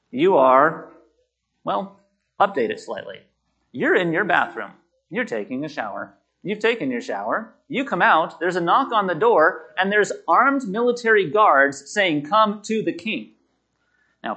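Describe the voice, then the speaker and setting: Male preacher, husky, lively pitch, emphatic sermon delivery. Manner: animated, emphatic, repeats key phrases.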